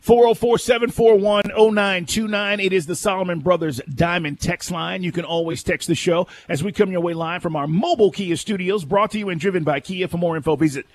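A man's voice: high-pitched, a little fast, few pauses. A man co-hosting a sports radio show, talking energetically and reading promos between segments. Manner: energetic, reads station promos and phone number.

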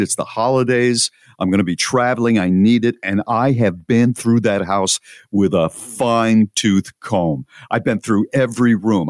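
A man hosting a talk show, casually telling a long, animated personal story and rising in pitch as he relives the frantic parts. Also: no echo, clean studio sound. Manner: animated storyteller, voice climbs high when retelling frantic moments.

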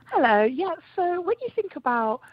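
A young woman, a guest writer, explaining her view on radio in an articulate, steady way. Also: very high-pitched, moderate pace, no room sound, highs cut off. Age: young adult. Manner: articulate, steady, argues point by point.

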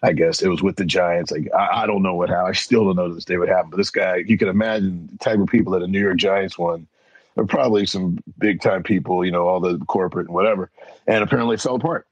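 Middle-aged man, interview guest, low husky voice, dry close sound, lively storyteller. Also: fast talker, no room sound, dull audio. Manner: animated, acts out voices in anecdotes. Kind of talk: casual storytelling.

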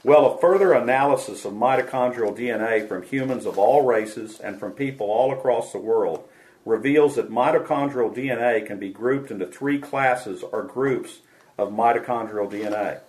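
A man hosting a radio show, reading a scripted dialogue aloud in a measured way. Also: mid-range voice, darkish tone, rough recording.

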